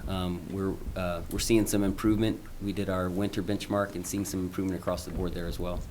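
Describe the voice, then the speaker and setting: A man, a school principal, giving an informal, halting presentation at a school board meeting, with frequent ums and restarts. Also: sits low, level tone, a little mellow, slight background noise.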